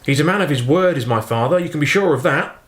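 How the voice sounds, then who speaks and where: A man's voice: on the high side, animated, quick pace, a little hiss or hum, pitched above the performer's own voice, natural voice. A man voicing an eager, affectionate fifteen-year-old farm boy in an audiobook reading. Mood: proud. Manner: earnest, affectionate, chatty. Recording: roomy echo.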